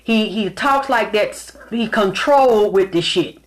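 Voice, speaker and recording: A woman's voice: medium pitch, measured pace. A woman giving a spiritual reading in a casual monologue, telling stories bluntly with plenty of profanity. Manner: blunt, profane, animated storytelling. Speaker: spiritual reader.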